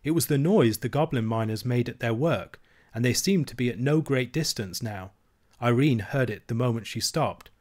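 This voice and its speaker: Man reading a storybook aloud. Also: medium pitch. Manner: steady, measured storytelling. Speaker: reader. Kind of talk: reading a children's novel aloud.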